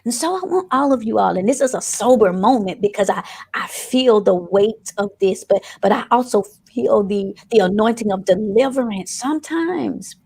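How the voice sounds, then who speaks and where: A woman preaching and leading prayer with passion, repeating her phrases and sometimes dropping into hushed whispers. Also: mid-range voice, expressive, normal speed, vocal fry, slightly rough. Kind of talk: sermon and prayer.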